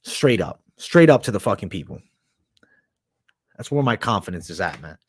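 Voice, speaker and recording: A man's voice: fairly low pitch, big pitch swings, normal speed, slight background noise. A young man hosting a livestream, talking in a crude, rambling, profanity-heavy slang as he reads and answers chat. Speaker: livestream host.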